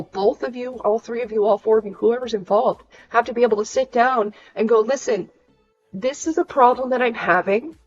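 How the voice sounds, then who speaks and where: A woman's voice: medium pitch, dull audio. A young woman, venting frankly and swearing freely on a casual livestream. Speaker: streamer.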